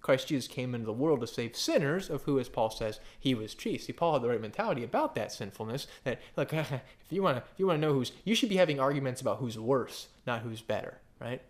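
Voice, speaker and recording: A man's voice: medium pitch, lively intonation, fast talker, few pauses. A male pastor preaching a sermon, emphatic and full of rhetorical questions, often stumbling and restarting his phrases.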